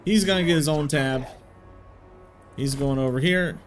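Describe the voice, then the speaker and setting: A man's voice: fairly high pitch, moderate pace, faint music behind. A man hosting a strategy game let's play, thinking aloud as he plays and talking in casual slang. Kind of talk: video game commentary.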